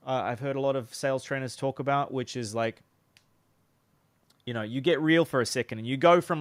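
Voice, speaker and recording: A man's voice: mid-range voice, brisk. A man coaching on sales in a conversational, instructional way, demonstrating different tones of voice. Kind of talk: casual instructional talk.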